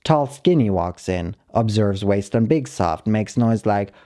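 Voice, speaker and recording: A man calmly reading a short story aloud, narrating in the plain, halting voice of a dog. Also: fairly low pitch. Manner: calm, measured reading of a dog's broken-English narration. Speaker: story reader.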